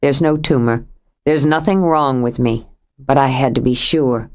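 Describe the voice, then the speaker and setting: A woman voicing a troubled grown man who speaks in a low, steady, earnest way as he confesses to his lover in an audiobook. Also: unhurried. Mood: earnest, pleading. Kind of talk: audiobook character voice.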